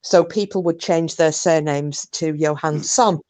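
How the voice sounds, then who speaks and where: A woman talks at home in a chatty, meandering way, filling gaps with "um" as she explains. Her voice sits on the low side. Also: fairly even intonation, unhurried, darkish tone. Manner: chatty, explains at length with fillers. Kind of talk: casual chat.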